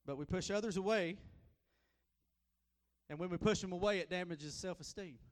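High-pitched preacher guy, folksy, repeats himself a lot, loud then quiet. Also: normal speed, long reverb tail. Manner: folksy and repetitive, drifts from loud to soft. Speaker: guest preacher. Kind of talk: sermon.

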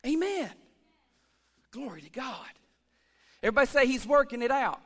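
A man preaching a lively church sermon as pastor, calling for amens and swinging between shouts and hushed asides. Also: very high voice, normal speed. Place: church sanctuary.

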